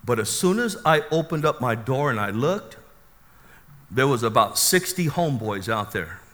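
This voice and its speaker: A man preaching his own testimony as an animated, dramatic storyteller, with a long hall reverb around him. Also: medium pitch, normal speed.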